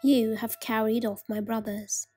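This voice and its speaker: A woman voicing a wise, brave young prince in a storybook reading, speaking calmly and earnestly. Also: fairly high pitch, unhurried, breathy edge, soft background music.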